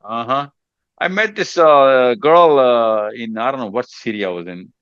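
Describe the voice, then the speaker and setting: A man chats casually with a group of teenagers, teasing them and then reassuring them with repeated phrases. His voice sits at a middle pitch. The sound is dry and a little dull, as if it comes over a video call. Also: unhurried, a bit bright, smooth, no room sound. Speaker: mentor hosting a session with teenagers.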